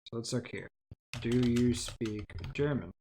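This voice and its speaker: A man's voice: mid-range voice, measured pace, dark tone, a little hiss or hum. A man on a casual livestream, teaching himself a language, sounding out words hesitantly and thinking aloud. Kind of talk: casual self-study livestream.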